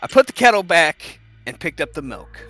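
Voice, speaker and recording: A man reading a horror story aloud in first person, expressive and lively. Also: a little high, moderate pace, soft background music.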